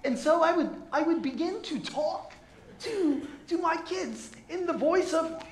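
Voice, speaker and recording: A man's voice: very high voice, expressive, measured pace. A man preaching a sermon as pastor, joking about himself and stumbling over restarts before driving home his scripture points. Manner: playful, self-mocking, many restarts. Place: church. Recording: echoey church room.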